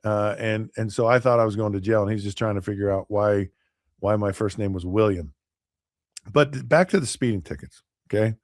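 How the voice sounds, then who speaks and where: A man's voice: on the low side, a little fast, no room sound, clean studio sound. A middle-aged man hosting a podcast, telling stories casually with many restarts and acting out what other people said. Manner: rambling, with many restarts and acted-out quotes. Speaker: podcast host, former NFL quarterback. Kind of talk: casual storytelling.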